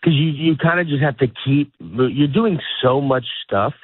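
A man's voice: medium pitch, animated, moderate pace, husky, dry recording. Man, middle-aged, comedian, rambling casual chat, restarts sentences, dry close sound. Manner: rambling, self-interrupting, laughs often. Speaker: comedian guest. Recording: dry phone-like audio.

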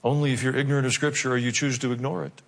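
A man's voice: medium pitch, flat delivery, rapid-fire, gravelly. A male pastor preaching a sermon, mixing wry jokes with dramatic emphasis. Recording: long hall reverb.

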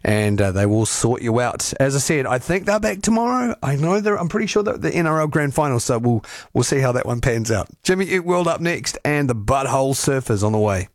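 A man hosting breakfast radio, talking in a relaxed, rambling way with fillers and restarts. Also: medium pitch, a little fast. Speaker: radio host.

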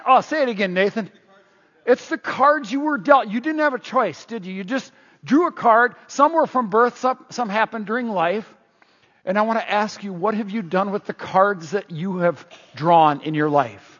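Husky high-voiced male preacher. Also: big-room sound, muffled recording. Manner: animated, conversational storytelling with audience prompts. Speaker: pastor. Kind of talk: sermon.

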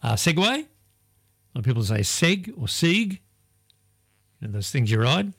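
A man co-hosting a radio show, chatting casually, laughing often and sounding words out slowly. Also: fairly high pitch, very animated, a bit bright, breathy edge. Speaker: radio host.

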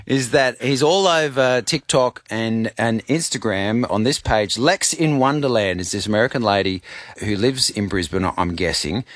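A man's voice: medium pitch, normal speed, a bit bright, no room sound, clean studio sound. A man hosting a radio show, animatedly setting up a story for his co-hosts. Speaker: radio host.

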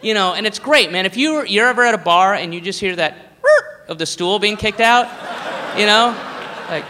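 A man's voice: high voice, normal speed, background noise. A man from the American South, doing loose, rambling and profane stand-up comedy on a club stage. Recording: live club with long reverb.

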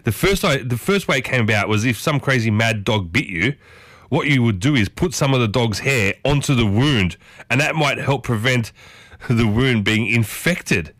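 This host has a medium-pitched, fairly bright male voice and speaks at a moderate pace with plenty of animation. He keeps things chatty, talking casually to his listeners and frequently asking them questions, all in clean studio audio with no room sound.

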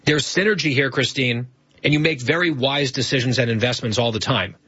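A man co-hosting a talk show, teasing his co-host in casual comedic banter with a deadpan edge. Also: mid-range voice, brisk, slightly rough, no room sound, lo-fi sound. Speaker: podcast co-host.

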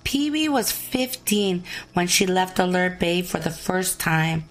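A woman's voice: on the low side, animated, measured pace, soft background music, poor audio. A woman hosting, narrating short bridges and chatting casually, laughing along with her guest. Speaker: host.

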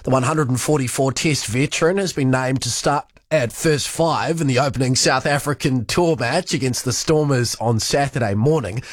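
A man with a New Zealand accent reading a brisk radio sports bulletin on a studio mic. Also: medium pitch, no room sound. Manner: brisk, self-deprecating about hiccups. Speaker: sports newsreader. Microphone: studio broadcast mic.

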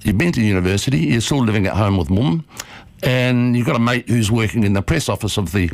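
A man hosting a radio show, telling a story in an animated, playful way before an interview. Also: fairly low pitch, a little fast, dry recording. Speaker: radio host.

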